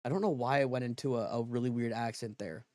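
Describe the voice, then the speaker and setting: A man livestreaming in relaxed casual chat, rambling and correcting himself as he goes. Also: mid-range voice, fast, no echo, clean studio sound.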